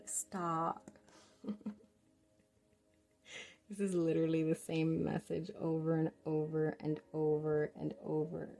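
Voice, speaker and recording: Woman, tarot reader, low voice, warm tone, soothing, encouraging, faint music behind. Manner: gentle, reassuring, addresses viewer as "love". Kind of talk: pick-a-card tarot reading to camera.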